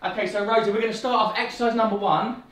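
A woman leading a playful home workout from her living room, calling out quick upbeat cues. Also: medium pitch, fairly even intonation. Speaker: fitness instructor. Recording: echoey room, distant mic.

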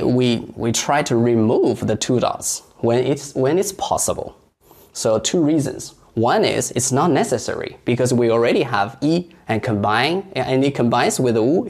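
Casting: unhurried male tutor who explains patiently and demonstrates tones. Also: medium pitch, animated, darkish tone. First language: Mandarin Chinese. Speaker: Mandarin teacher. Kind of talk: online language lesson.

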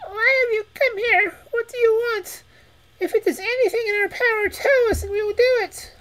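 A woman doing a squeaky, trembling storybook rat. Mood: frightened. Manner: trembling, quick, high-pitched. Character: timid squeaky male rat, nervous and eager.

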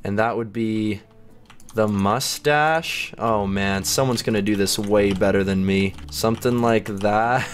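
A man's voice: lowish voice, slow pace, faint music behind. A man giving casual gameplay commentary as a video host, chatty and self-mocking, laughing often as he goes. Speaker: gaming YouTuber.

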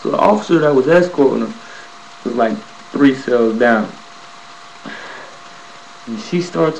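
A man with a middle-pitched voice tells a story casually and with animation. He swears freely and acts out the scenes he describes. His talk has a loose, conversational feel. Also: unhurried, vocal fry, long pauses, slight background noise, poor audio. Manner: animated, profane, re-enacts scenes. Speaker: vlogger telling a prison story.

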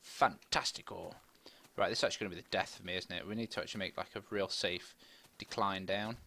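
A man's voice: sits low, fast talker, gravelly, a little hiss or hum. A middle-aged man giving rambling, chatty commentary while playing a game. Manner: chatty, rambling, bursts into excited squeals. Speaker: gaming commentator. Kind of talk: casual let's-play commentary. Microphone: desk microphone with face cam.

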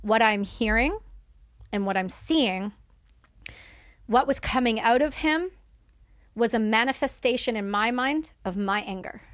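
Young woman guest, higher voice, super animated storytelling, swears a lot, dry studio sound. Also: no room sound. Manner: animated, swears freely, fast bursts. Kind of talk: candid storytelling.

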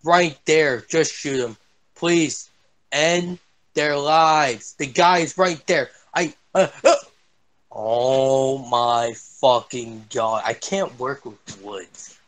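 A young man swearing and yelling his way through a shooter game as a gaming streamer. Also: mid-range voice, very slow. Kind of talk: angry gameplay commentary.

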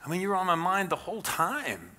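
A worried mother scolds her grown son in a high, anxious voice, as a male preacher puts her on in a sermon. She sounds fretful and reproachful. The tone is bright and strained. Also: sing-song, fairly quick, exaggerated voice. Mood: worried scolding.

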